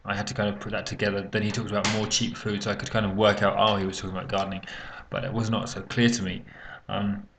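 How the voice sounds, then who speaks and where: Gravelly-voiced man explaining exam feedback. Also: fairly low pitch, little pitch movement, fast, a bit bright, slight background noise. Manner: hesitant, many fillers and restarts, occasional coughs. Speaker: English exam teacher. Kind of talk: unscripted spoken lesson.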